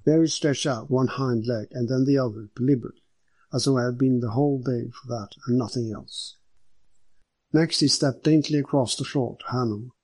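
A male narrator with a husky, slightly breathy voice at a middle pitch, reading a story in a measured, steady way. His delivery suits a calm audiobook narration. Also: rough recording. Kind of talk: scripted narration.

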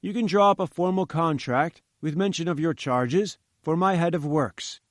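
A man performs a domineering, haughty older male scientist who barks orders in an imperious, commanding manner. He pitches his voice fairly high, above his own natural voice, and speaks at a moderate pace. The studio sound is clean with no echo.

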